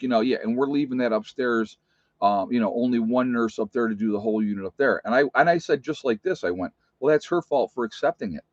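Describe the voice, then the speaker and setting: Low-pitched man, blunt working nurse, casual vlog; dry, dull-sounding recording. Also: no echo. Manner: blunt, plainspoken, emphatic.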